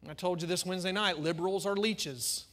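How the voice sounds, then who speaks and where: Fervent high-voiced preaching man. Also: fairly quick, fairly bright tone. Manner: fervent preaching with repeated rhythmic phrases. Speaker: pastor. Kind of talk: sermon.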